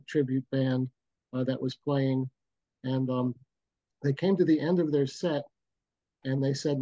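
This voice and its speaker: An older man, a booking agent, telling a personal story in an interview in an unhurried, reflective way with many pauses, over a video call from home. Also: medium pitch, mellow, no room sound, highs cut off. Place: home, bridge view behind.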